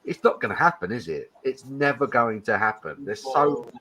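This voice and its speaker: A man co-hosting a casual late-night live stream chat, exasperated and quick to laugh. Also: medium pitch, expressive, a crowd in the background.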